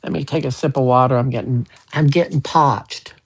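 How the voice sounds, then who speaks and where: A man giving a casual live tarot reading, gentle with folksy joking asides. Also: mid-range voice, fairly even intonation, moderate pace, vocal fry, breathy edge. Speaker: tarot card reader.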